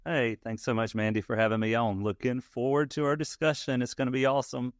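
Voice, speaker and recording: A man's voice: mid-range voice, level tone, a little fast, no echo. Country guy from louisiana w/ a texas twang, folksy and easygoing, dry close mic. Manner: folksy, laughs easily, reflective. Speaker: guest. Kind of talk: casual interview storytelling.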